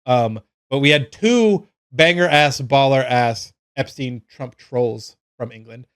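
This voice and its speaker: A man's voice: mid-range voice, takes it slowly, smooth. A man co-hosting a casual podcast, swearing freely and ranting with energy. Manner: profane, animated ranting. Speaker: podcast co-host. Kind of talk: casual chat.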